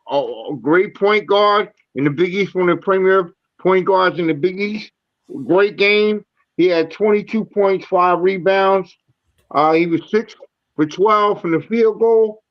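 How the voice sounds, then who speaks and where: Male host, somewhat high-pitched, halting stat-reading style, muffled lo-fi audio. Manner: halting, many fillers and restarts reading stats. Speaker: show host. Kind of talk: postgame sports talk.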